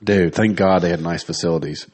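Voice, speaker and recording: A man with a very low, husky voice trades crude stories in easygoing podcast banter. He sounds laid-back and teasing, and he laughs often. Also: steady tone, a little fast, a little mellow. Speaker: podcast co-host. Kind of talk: casual comedic chat.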